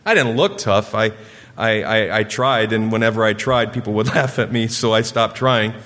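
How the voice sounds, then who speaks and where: A man in his forties from Michigan telling a personal story during a sermon, earnest and lively. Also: fairly low pitch, moderate pace. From Michigan, USA. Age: 40s. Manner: earnest storytelling, gets lively acting out quotes. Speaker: preacher. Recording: long hall reverb.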